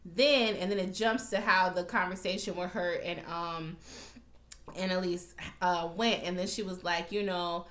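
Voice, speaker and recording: A woman recapping a TV episode for her viewers in a blunt, animated, profane rant. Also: on the low side, unhurried, roomy sound. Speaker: TV recap vlogger.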